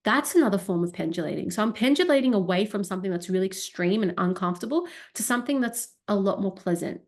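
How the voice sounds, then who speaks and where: A woman's voice: mid-range voice, expressive, quick pace, a little mellow. A woman coach gives an educational talk and demonstrates by voicing her body sensations aloud. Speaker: wellness coach.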